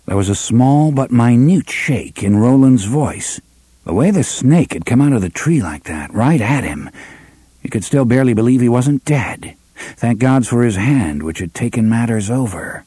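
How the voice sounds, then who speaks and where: A man narrating an audiobook in a measured, expressive storytelling manner. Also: mid-range voice, husky, dry recording. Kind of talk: scripted narration.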